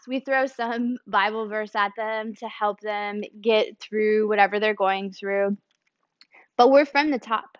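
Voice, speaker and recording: A woman from the United States gives an unhurried, conversational teaching talk as a church speaker, with a fairly high voice. She explains with a drawn picture and acted examples. The recording is dry and a little dull and lo-fi. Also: dry recording.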